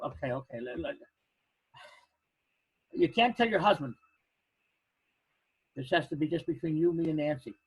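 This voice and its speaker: Older male storyteller, husky and high-pitched, halting anecdote delivery. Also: fairly bright tone, dry recording, low-quality recording. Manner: acts out the other speakers' lines, halting with restarts.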